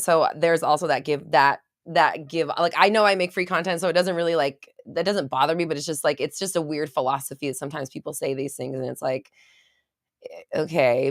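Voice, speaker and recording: A young adult woman talks straight into the mic on a livestream, candid and easygoing, laughing often and swearing casually. Her voice sits slightly low for a woman. The sound is close and dry, with almost no room echo. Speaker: manifestation coach and online creator. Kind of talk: casual livestream chat reading comments.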